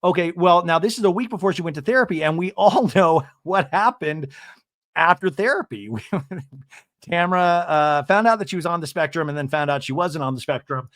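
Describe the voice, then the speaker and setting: A man hosting a podcast, giving an animated, chatty recap of a reality-TV episode and often asking listeners "right?". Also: fairly high pitch, brisk, dry recording, clean studio sound. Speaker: podcast host.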